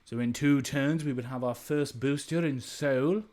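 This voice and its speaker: A man's voice: mid-range voice, unhurried, a little mellow. A man giving casual let's-play commentary while playing a strategy game, thinking aloud with frequent restarts and asides.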